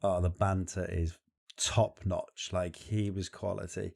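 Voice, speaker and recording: A man's voice: sits low, little pitch movement, measured pace, creaky, darkish tone. A man from England co-hosting a podcast, in casual, banter-filled chat with casual swearing. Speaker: podcast co-host.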